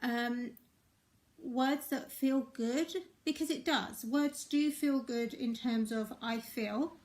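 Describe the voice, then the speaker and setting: This middle-aged relationship and life coach has a voice on the high side, with fairly even intonation and a slow pace. Her manner is gentle and comforting as she guides viewers through their emotions, repeatedly checking in with them.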